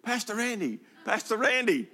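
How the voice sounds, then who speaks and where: A man's voice: extremely high pitch, moderate pace, voice pushed up, heavily acted. A man retelling the words of an eager eight-year-old boy, raising his voice a little when quoting him. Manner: excited, calling out to a neighbor.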